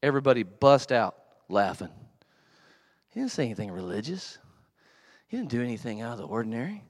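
A man's voice: mid-range voice, fairly quick, no room sound, clean studio sound. A man preaching a casual, slangy sermon in a church. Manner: animated storytelling, slangy, with acted asides. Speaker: pastor.

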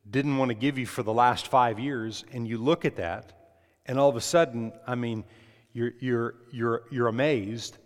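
A man preaching an emphatic sermon, pitched in an ordinary middle range. He puts questions straight to the congregation, and a long reverb trails each phrase. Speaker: pastor.

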